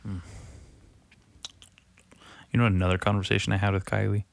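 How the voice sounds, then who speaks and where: A man's voice: on the low side, level tone, normal speed, creaky, dry recording. Rambling, profane male podcast host. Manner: rambling, profane, self-deprecating, trailing off and restarting; sighs often, drops to a mutter. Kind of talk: casual solo monologue.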